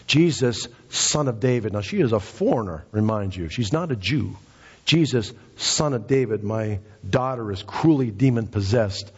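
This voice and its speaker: Pastor, male, husky voice, impassioned preaching style, dull lo-fi recording. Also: animated, normal speed, a little mellow, long reverb tail. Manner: impassioned preaching, rising in pitch for emphasis. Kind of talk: sermon. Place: church sanctuary.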